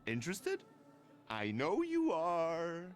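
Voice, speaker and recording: An actor playing a gruff, loyal middle-aged gang boss in a video game, swaggering and nostalgic. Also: male voice, fairly high pitch, wildly swooping pitch, takes it slowly, soft background music, exaggerated voice. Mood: scheming.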